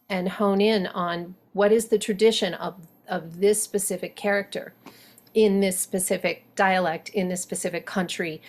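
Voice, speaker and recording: A woman coaching actors on dialects in a relaxed, conversational lecture. She talks at a medium pitch, corrects herself as she goes, and drops into quick accent samples to show her points. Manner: chatty, self-correcting, acts out short accent samples. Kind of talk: workshop lecture.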